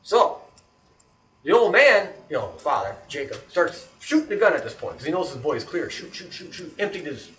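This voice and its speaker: A man's voice: on the high side, very animated, a little fast, sharp tone. A man telling a creepy story in casual talk, acting out the scenes with sound effects and often checking in with "right?". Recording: roomy echo, distant mic, faint background noise.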